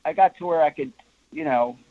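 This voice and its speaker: A man in his sixties, a comic artist being interviewed, telling stories in a rambling, animated way and laughing often. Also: on the high side, brisk. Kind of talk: casual interview storytelling. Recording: lo-fi, dry remote audio.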